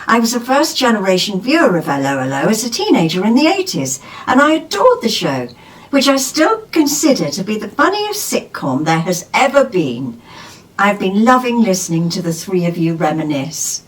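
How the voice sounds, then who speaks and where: Woman podcast co-host, reading a letter aloud, swooping pitch, mic at a distance. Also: moderate pace. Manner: lively, expressive reading with laughs.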